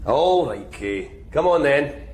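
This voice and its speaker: An actor playing a sarcastic prison officer who taunts a released inmate in a radio drama. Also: male voice, fairly high pitch, expressive, slow pace, darkish tone, roomy sound. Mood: taunting.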